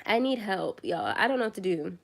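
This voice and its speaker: A woman's voice: mid-range voice, sing-song, brisk, vocal fry. A young woman chatting casually on her first phone livestream, tired late at night, rambling and self-deprecating.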